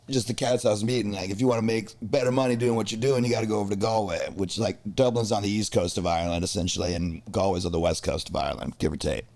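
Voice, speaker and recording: Animated American man telling crude stories. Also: on the low side. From United States. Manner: animated, crude, comic storytelling. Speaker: musician guest. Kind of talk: storytelling in a casual podcast chat.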